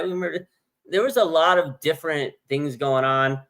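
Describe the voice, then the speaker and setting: A man's voice: fairly high pitch, moderate pace. Easygoing middle-aged man, casual sports co-host. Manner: relaxed, agreeable chat with many "man"s and "like"s.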